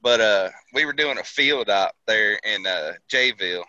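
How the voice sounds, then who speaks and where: A man's voice: fairly low pitch, animated, normal speed, sharp tone, no echo, muffled recording. A man casually telling a profane army story, laughing and acting out the people he quotes. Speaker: veteran telling army stories.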